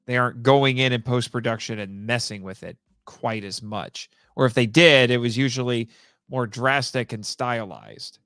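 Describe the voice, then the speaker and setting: A man co-hosting a podcast in casual chat, quick to laugh. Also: medium pitch, fairly bright tone, clear, resonant tone, no echo, studio quality. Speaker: podcast co-host.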